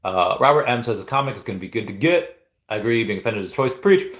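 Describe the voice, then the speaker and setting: A man in his thirties, originally from Peru, chats casually on a live stream and reads out comments, rambling and halting with many restarts. His voice is lowish, animated, and a bit bright, with a reverberant sound.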